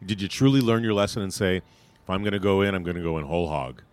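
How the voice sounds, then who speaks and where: A man's voice: low voice, quick pace, clean tone, dry recording. A man hosting an interview, asking probing, good-humored questions. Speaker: interviewer host.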